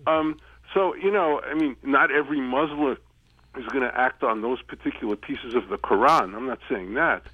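A man's voice: medium pitch, dry recording. Blunt male caller on a tinny phone line. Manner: blunt, opinionated, talks fast when arguing. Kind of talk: call-in radio talk.

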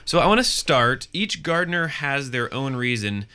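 A man hosting a community radio food show, introducing segments and interviewing a guest in the studio with a measured announcer delivery. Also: mid-range voice, sing-song, bright, forceful tone, smooth, no echo. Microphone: studio microphone.

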